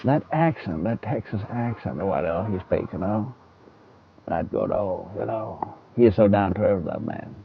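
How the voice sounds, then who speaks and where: Male livestreamer, lowish voice, rambling and stammering through casual chat; dull lo-fi audio. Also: expressive, normal speed, creaky, slightly rough. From from a country that uses military time. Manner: rambling, stammers and repeats words, laughs often. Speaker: streamer. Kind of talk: casual livestream chat to viewers while gaming.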